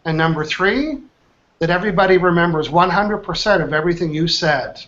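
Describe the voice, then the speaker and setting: Energetic male trainer with a high voice, dull lo-fi call audio. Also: fairly quick. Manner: energetic, quizzes the group with questions. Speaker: trainer, workshop host. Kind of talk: live online training session. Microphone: online video call.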